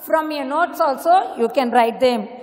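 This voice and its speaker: A woman teacher with an Indian English accent speaks in a high voice and at an unhurried pace. She spells words out letter by letter and repeats them for her class. Her voice rings in an echoey room with a long reverb tail. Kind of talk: classroom lesson.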